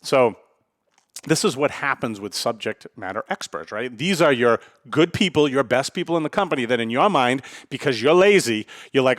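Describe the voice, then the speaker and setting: A man's voice: medium pitch, lively intonation, normal speed, fairly bright tone, dry recording, studio quality. A man hosting a solo podcast in a blunt, casual way, often tagging his sentences with a questioning "right?" and swearing freely. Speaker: podcast host.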